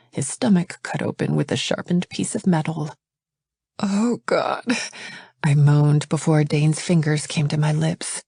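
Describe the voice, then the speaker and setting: A woman narrating a first-person novel as an audiobook, reading quietly and intimately. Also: deep voice, creaky, breathy edge, no echo, clean studio sound.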